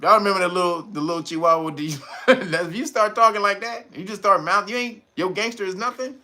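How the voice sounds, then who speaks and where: A man's voice: high-pitched, fairly quick, bright, forceful tone. A man hosting a casual livestream, talking in profane street slang, laughing often and answering his viewers' chat. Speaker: livestream host.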